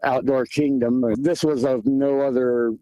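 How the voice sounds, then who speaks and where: Plainspoken hunter with a mellow voice. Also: male voice, mid-range voice, flat delivery, a little slow, no room sound, low-quality recording. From Pacific Northwest. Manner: plainspoken, repeats himself, many fillers. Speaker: guest, hunter describing a sighting. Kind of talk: casual interview answers.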